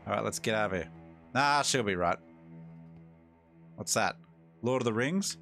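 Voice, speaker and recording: Australian male gaming host, lowish voice, relaxed wisecracking let's-play commentary. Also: normal speed, pauses often, faint music behind. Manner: laid-back, joking, talks to himself.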